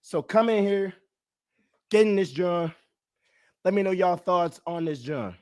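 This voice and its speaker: Young man, high-pitched fan streamer, excitable trash talk, dry close mic. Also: measured pace, no echo. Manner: excitable, chanting and singing, trash-talking. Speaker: sports reaction streamer. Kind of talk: hyped fan reaction commentary.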